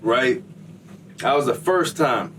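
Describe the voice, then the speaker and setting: A man's voice: medium pitch, lively intonation, takes it slowly, a bit bright, a little hiss or hum. Slangy streetwise man, distant mic. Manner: slangy, streetwise, acts out quoted voices. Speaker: storyteller. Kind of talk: casual storytelling.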